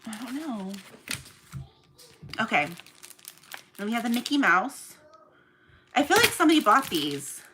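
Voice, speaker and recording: A woman chatting casually to viewers while she packs orders, self-mocking and counting items out loud. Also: fairly high pitch, big pitch swings, unhurried, pauses often, noisy background. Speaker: small online shop owner. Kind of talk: casual vlog chat to viewers.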